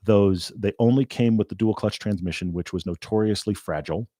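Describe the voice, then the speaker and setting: A man's voice: fairly low pitch, fairly quick, warm tone, no echo, studio quality. A man co-hosting a live-streamed car podcast, chatting casually and teasing his co-host.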